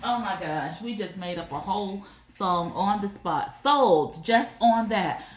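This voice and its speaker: A woman's voice: medium pitch, a little slow. Chatty woman stream host, roomy sound. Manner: chatty, animated, addresses viewers directly. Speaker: live shopping stream host. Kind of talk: casual live stream product chat. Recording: roomy echo.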